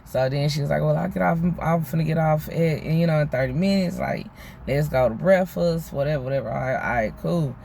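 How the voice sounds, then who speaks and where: A man's voice: on the high side, a little fast, gravelly, darkish tone, slight background noise. A man vlogging a casual storytime monologue, rambling and candid, full of slang, swearing and "you know what I'm saying". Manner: profane, candid.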